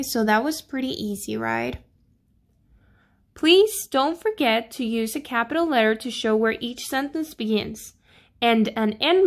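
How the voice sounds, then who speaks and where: A woman teacher, patiently walking children through a grammar lesson and checking in with them often. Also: on the high side. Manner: slow, patient, checking in with "okay?" and "right?".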